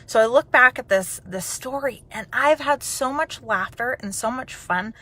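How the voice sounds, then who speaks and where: A woman telling a personal story in a chatty, animated way, then turning it into an encouraging message. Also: a little high, moderate pace. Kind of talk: personal storytelling and motivational talk.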